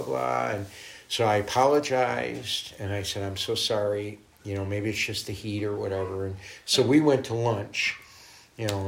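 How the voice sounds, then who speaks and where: A man's voice: on the low side, slight background noise. A middle-aged man, a guest minister, telling stories in a casual interview, acting out quotes and laughing often. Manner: animated storyteller, voices quotes, laughs often.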